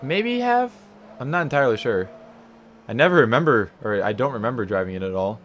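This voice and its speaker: A man with a lowish, fairly bright voice speaks fast while playing a racing game from home. As a let's play gamer, he rambles, pokes fun at himself and sings silly stutters. The recording has a little hiss or hum.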